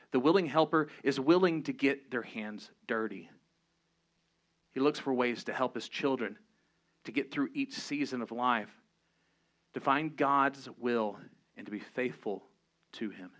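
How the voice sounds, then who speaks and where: A man preaching a sermon, earnest, switching between low emphatic points and lively storytelling. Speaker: pastor.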